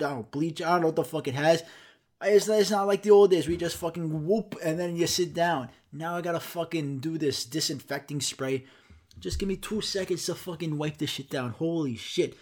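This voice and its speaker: A man's voice: on the high side, a little mellow. A young man hosting a solo podcast, ranting in a profane, exasperated way and acting out the customers and himself in quoted dialogue. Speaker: podcast host. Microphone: studio microphone.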